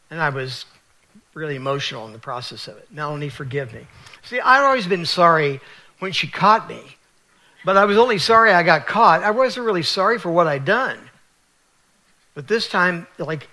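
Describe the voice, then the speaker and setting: A man's voice: fairly high pitch, pushed and bright. A man from West Virginia telling his personal faith testimony in an earnest, confessional storytelling manner. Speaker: speaker sharing his testimony.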